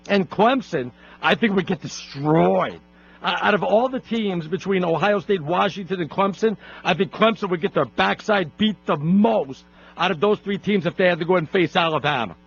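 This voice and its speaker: A man hosting a sports radio talk show, ranting in an exasperated, rapid-fire way. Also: high voice, creaky, a bit bright, breathy edge. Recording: lo-fi radio broadcast.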